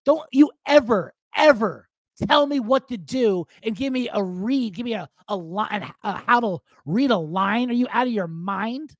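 Man impersonating a boastful action star, high and shouty, profane. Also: expressive, a little slow, hardly any pauses, no echo. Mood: indignant.

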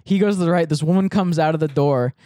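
Host, young man, quick rambling storyteller with a dry, close sound. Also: a little high, mellow, no room sound. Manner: rambling, filler-heavy, laughing. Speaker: podcast host. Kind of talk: casual chat, storytelling.

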